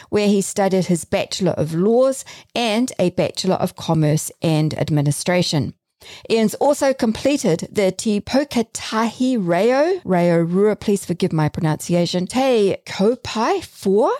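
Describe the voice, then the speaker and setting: Mellow-voiced podcast host woman. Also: medium pitch, dry recording, studio quality. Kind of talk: podcast interview.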